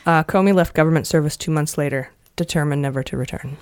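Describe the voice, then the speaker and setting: A woman's voice: deep voice, fast talker, a little mellow, clean tone, no room sound. A woman hosting a casual podcast, earnestly recounting a story and reading passages aloud. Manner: earnest storyteller, emotional at times. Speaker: podcast host recounting a book.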